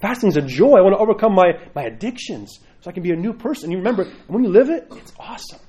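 A man's voice: sits high, lively intonation, fast talker, mellow. A male priest giving a conversational teaching talk, often asking "right?" and acting out people's inner voices in quotes.

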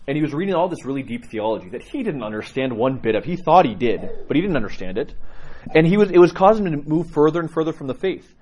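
A man who is a priest, answering questions in a catechism class and telling stories in an animated way. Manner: animated storytelling with lively pitch, chuckling. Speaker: Orthodox priest.

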